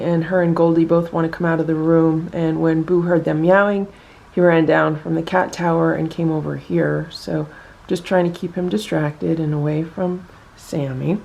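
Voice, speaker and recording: A woman filming her cats at home, calmly narrating what they do and cooing to them in a sing-song voice. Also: fairly low pitch, measured pace, gravelly. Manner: calm running commentary, then sing-song baby talk to a cat. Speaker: cat vlogger. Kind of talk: casual home vlog narration. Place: home living room with cats.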